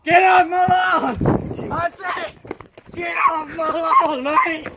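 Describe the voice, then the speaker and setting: A man's voice: very high voice, fairly even intonation, slow. A man voicing a cranky old man who hollers at kids to get off his lawn, in a comic home-video skit. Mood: shouting angry. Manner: hollering, threatening. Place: outdoors in a yard, off from the camera. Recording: shouting from afar, outdoor noise.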